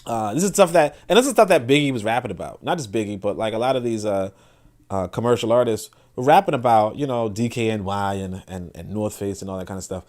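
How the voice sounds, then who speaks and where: Fast-talking with a lowish voice, a man hosts a podcast of profane, animated, casual political commentary, often repeating words as he restarts sentences.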